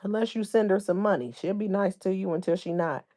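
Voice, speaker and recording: A woman's voice: medium pitch, fairly quick, mellow. A woman hosting a livestream, chatting casually and reading viewer comments aloud in informal slang. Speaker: livestream host.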